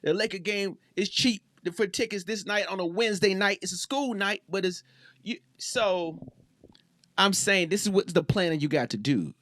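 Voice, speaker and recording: Animated high-voiced man ranting about sports. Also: normal speed. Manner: animated, slangy, repeats himself. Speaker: podcast host. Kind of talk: casual sports rant.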